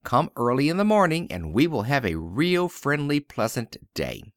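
An impulsive, warm-hearted young woman from an old-fashioned story, as a man reads her lines. She talks brightly and eagerly, her pitch lively. The recording is dry and close. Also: moderate pace, dry recording.

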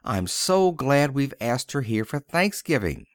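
A man reading the part of a bright, warm-hearted young woman in a storybook, speaking briskly and eagerly. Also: medium pitch, big pitch swings, dry recording, studio quality.

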